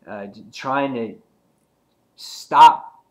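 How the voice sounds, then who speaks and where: A man's voice: medium pitch, extremely slow. A man casually recapping a comic book issue, rambling and filling gaps with um and uh. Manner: rambling, filler-heavy retelling with acted quotes.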